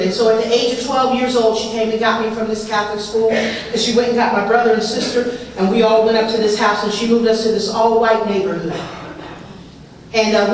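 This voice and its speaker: A woman in her forties shares her recovery story with an audience in a lively, humorous way, often laughing as she talks. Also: a little high. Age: 40s. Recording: echoey room, distant mic, background noise.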